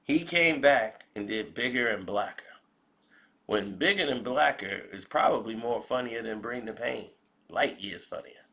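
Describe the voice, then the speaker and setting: Slow, gravelly male commentator. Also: mid-range voice, fairly bright tone. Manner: measured, reflective, asks rhetorical questions. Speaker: commentary vlogger. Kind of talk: spoken commentary.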